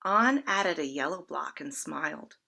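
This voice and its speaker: A woman reading a picture book aloud to children, gently inviting the listeners with questions. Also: deep voice, expressive, a little slow, creaky. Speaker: storyteller.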